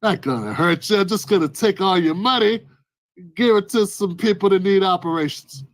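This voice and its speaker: A man's voice: high-pitched, normal speed, lightly acted. A man acting out a condescending male home invader who pretends to be a helper, in a mock-soothing tone. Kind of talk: acted-out skit in a commentary vlog.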